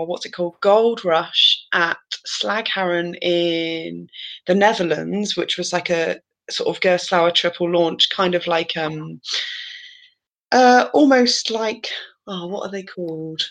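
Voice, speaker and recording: A woman with a British accent, a podcast guest in casual chat, eager and sometimes pausing to search for words. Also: medium pitch, a bit bright.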